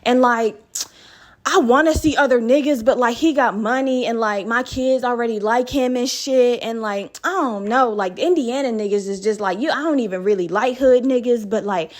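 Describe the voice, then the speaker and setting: A woman's voice: fairly high pitch, lightly acted. A woman putting on a rambling, oversharing nurse. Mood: gossipy. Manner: rambling, drawn-out, filler-heavy.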